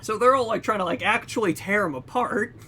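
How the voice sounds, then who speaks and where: A young man co-hosting a podcast, casually retelling a movie plot with lots of "like" and "you know", acting out characters in loud, high bursts. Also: brisk, breathy edge. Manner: heavy use of fillers like "like" and "you know". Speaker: podcast co-host. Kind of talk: casual film recap.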